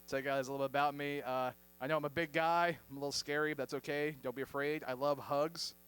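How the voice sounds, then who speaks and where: High-voiced man doing stand-up. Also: fairly even intonation, brisk, a bit bright, slight background noise. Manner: joking, playful crowd work. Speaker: stand-up comedian. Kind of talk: stand-up comedy set. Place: comedy club stage before a live audience.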